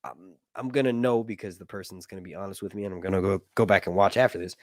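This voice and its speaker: A man's voice: deep voice, fast, darkish tone, no room sound, clean studio sound. A man hosting a casual livestream chat, rambling with lots of fillers and jokes. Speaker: host.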